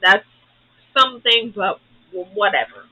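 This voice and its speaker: A young YouTube host with a high, very bright voice rambles through a casual, profanity-laced recap of a show, acting out characters as he goes. He's animated but keeps a measured pace. The recording is dry and close with no room sound at all, and the audio quality is poor.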